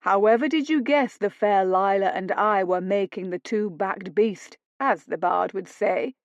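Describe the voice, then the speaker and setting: Woman doing a smug sarcastic rogue guy, slow drawl, flat dead-dry sound. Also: medium pitch, no echo, lightly acted. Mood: sardonic. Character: sneering roguish man, mocking and sardonic. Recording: dull dry lo-fi studio read.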